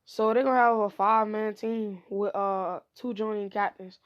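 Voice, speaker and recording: A woman's voice: medium pitch, steady tone, normal speed. A woman casually retelling a fan story about ninjas in a rambling way, on a dull lo-fi recording. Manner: rambling, repeats "he would say".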